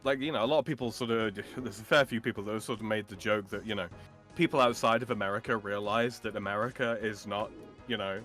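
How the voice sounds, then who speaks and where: A man's voice: lowish voice, fairly even intonation, fast, a bit bright, faint music behind. A man chatting casually on a game stream, thoughtful and full of fillers and restarts. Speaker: co-host.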